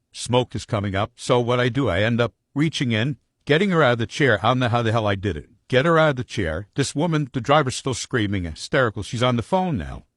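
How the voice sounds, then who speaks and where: A man spins a spoken story with a lively, swooping pitch and blunt, profane wording. His voice sits in a plain middle register and sounds close and dry, with no room around it. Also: no echo.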